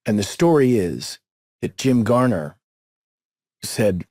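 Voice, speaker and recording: A man's voice: on the low side, very animated, slow pace, long pauses, a little mellow, no room sound, studio quality. Middle-aged man, rambling storyteller. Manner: rambling storyteller, repeats words, jokey. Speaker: podcast co-host. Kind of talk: casual podcast chat.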